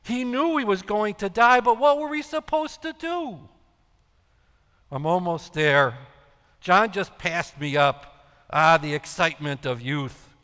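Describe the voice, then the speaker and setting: A man's voice: sits high, sharp tone, smooth. A man playing Simon Peter, anxious and guilt-ridden. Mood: uneasy. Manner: agitated, halting, self-reproaching questions. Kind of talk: dramatic monologue. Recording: echoey hall with long reverb.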